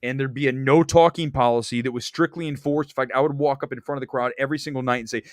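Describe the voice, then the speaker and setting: A man hosting a casual movie talk show, ranting with animated enthusiasm and some swearing. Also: medium pitch, fast, few pauses, no echo, studio quality. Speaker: show host. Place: Los Angeles area.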